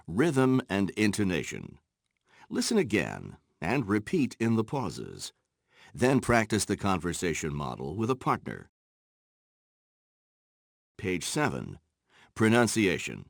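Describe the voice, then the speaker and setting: A man narrating textbook exercises in a slow, instructional way, with a gravelly voice. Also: deep voice, no echo, studio quality. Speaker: course narrator.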